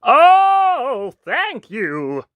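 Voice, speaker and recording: A woman's voice: medium pitch, huge pitch swings, slow, no room sound, narrow, tinny audio, pitched above the performer's own voice, full character voice. A woman voicing a vain, sulky young prince in a storybook, drawn out and dramatic. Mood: grateful.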